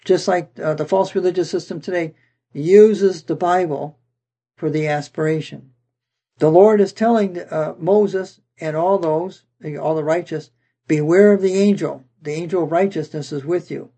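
Gravelly-voiced man teaching scripture. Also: on the high side, fairly even intonation, moderate pace, mellow. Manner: reads scripture aloud then explains it, with frequent "okay" and restarts. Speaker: bible teacher. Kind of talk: verse-by-verse bible teaching.

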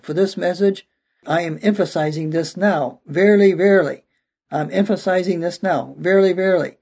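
A man preaching a sermon in a high, gravelly voice with a husky, dark edge. He teaches verse by verse, emphatic, dropping "okay" between points and often restarting his phrases.

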